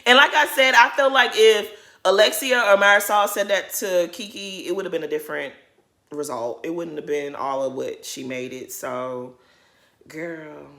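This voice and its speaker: A woman gives a casual, slangy take on a TV episode. Her voice is deep for a woman, yet bright and clear in tone. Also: normal speed. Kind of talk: casual reality TV recap.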